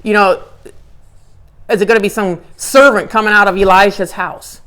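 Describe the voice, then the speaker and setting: Animated woman teaching a Bible lecture. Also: mid-range voice, moderate pace. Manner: animated, acts out characters' inner dialogue.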